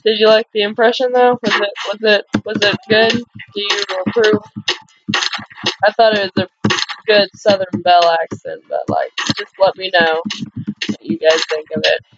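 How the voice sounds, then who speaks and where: A woman's voice: medium pitch, lively intonation, normal speed, lo-fi sound, background noise. A young woman giving casual, chatty let's-play commentary, talking to herself as she plays. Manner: chatty, giggly and self-talking. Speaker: gaming video host.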